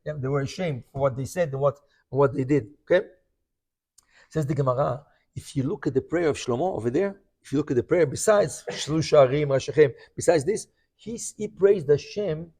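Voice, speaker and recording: Animated high-voiced man teaching Talmud. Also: husky. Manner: animated storytelling, acts out quoted voices, frequent "right?" checks. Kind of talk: Talmud class.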